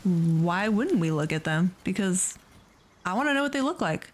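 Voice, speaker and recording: A woman's voice: lowish voice, lively intonation, normal speed, slight background noise. A woman hosting a let's play video, giving casual, chatty gameplay commentary and gushing over the creatures she raises.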